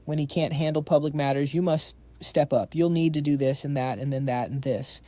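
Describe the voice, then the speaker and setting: A man reading the lines of a middle-aged emperor who is a fond father, in measured, stately speech. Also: on the high side, fairly even intonation, dark tone, dry recording, lightly acted.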